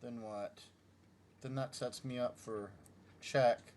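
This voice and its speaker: A middle-aged man talks to himself as he works through puzzles, in a slow, unhurried voice at an ordinary pitch. He mutters his moves one by one and mocks his own blunders with a wry, self-deprecating humor. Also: steady tone, darkish tone, slight background noise. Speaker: chess YouTuber solving puzzles. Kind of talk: casual thinking-aloud commentary.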